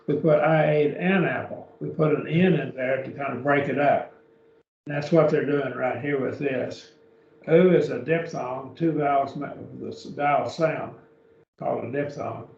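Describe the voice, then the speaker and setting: A man's voice: medium pitch, a little mellow. A man teaching a beginners' Greek class, patiently explaining step by step and often checking with "okay?", recorded from a distance. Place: church classroom. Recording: echoey room, distant mic, dull lo-fi.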